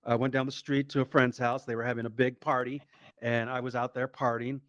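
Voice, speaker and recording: A man doing stand-up comedy, telling a story in a lively, profane way and acting out the voices of the people in it. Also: mid-range voice, brisk, no echo, lo-fi sound. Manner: animated, profane, acts out quoted voices.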